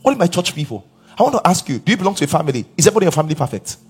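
Husky preacher man, lively pitch. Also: very fast. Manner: emphatic preaching with call-and-response questions and rising shouts. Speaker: pastor. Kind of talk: sermon.

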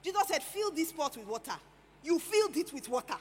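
A woman preaching a sermon, animated, swinging between hushed lines and loud emphatic ones. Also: sits high, a little fast. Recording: echoey hall with faint ambience.

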